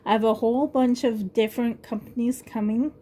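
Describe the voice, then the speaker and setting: A woman's voice: a little high, fairly even intonation, brisk, warm tone, slightly rough. A middle-aged woman vlogger chatting casually and rambling, with frequent giggles as she shows things. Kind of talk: casual show-and-tell chat.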